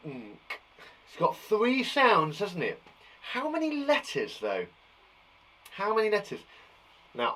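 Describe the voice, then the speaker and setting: Sounding out words slowly for young children, a man with a British accent gives a phonics lesson and encourages them along. His tone is fairly bright and medium in pitch.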